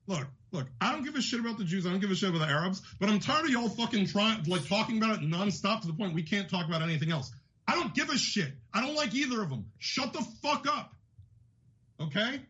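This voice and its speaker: Male podcast host, very high bright voice, angry profane rant, lo-fi sound. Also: lively intonation, fast. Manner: furious, profane, shouting. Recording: dull lo-fi audio.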